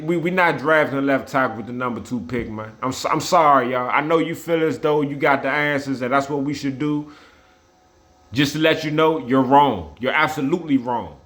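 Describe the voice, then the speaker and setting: Blunt, swearing football fan ranting. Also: male voice, a little high, fairly bright tone. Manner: blunt, repetitive, trash-talking, swears often. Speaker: sports vlogger. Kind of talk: casual opinionated rant.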